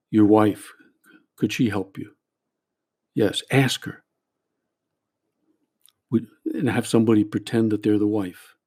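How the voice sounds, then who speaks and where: Mellow and somewhat low, with a breathy edge, this man's voice belongs to a priest and counselor walking a group through a therapy exercise. He talks earnestly, frequently starting phrases over and asking "all right?" again and again.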